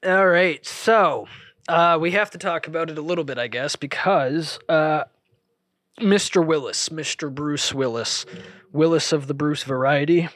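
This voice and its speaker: Here a male podcast host wanders through a foul-mouthed story solo, cutting himself off repeatedly. He speaks a little slowly in a slightly high, fairly bright voice, captured cleanly in the studio without any room sound.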